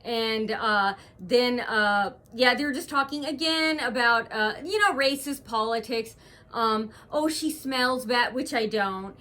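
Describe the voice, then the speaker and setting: A woman's voice: on the high side, unhurried, pushed and bright. A woman vlogging at home, rambling through an aggrieved retelling full of hesitations. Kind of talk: casual to-camera vlog monologue.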